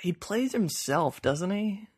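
A man's voice: high voice, animated, slow, breathy edge. A man co-hosting a podcast remotely, chatting casually about films, rambling with many restarts. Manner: rambling, restarts a lot, conversational. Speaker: podcast co-host. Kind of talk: casual film chat. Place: home, remote from co-host.

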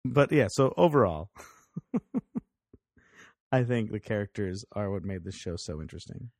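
With a fairly low pitch, big pitch swings and a darkish tone, this man speaks a little slowly. As a podcast co-host he casually reviews a TV show, laughing often and acting out lines from the characters. There's no room sound, and the studio audio is clean.

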